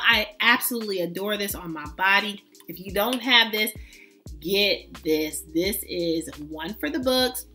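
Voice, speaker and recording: A woman's voice: fairly high pitch, bright, forceful tone. Chatty, emphatic woman reviewing fragrances. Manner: chatty, emphatic, playful with sassy asides. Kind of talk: casual review vlog.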